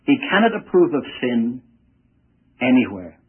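A man's voice: medium pitch, very animated, unhurried, slightly rough. A man preaching a sermon and answering questions from listeners, stressing key words hard and using family stories to make his point. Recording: tinny lo-fi radio broadcast.

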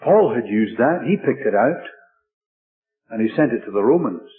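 A man preaching a sermon in a measured, emphatic way, stressing his points through repetition. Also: mid-range voice, expressive. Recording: tinny lo-fi radio broadcast with faint music.

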